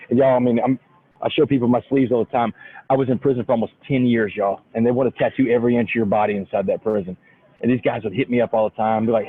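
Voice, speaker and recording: A man's voice: mid-range voice, steady tone, quick pace, husky. Man on a tinny phone line. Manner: folksy, keeps saying y'all. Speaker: guest speaker. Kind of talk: motivational storytelling. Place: airport.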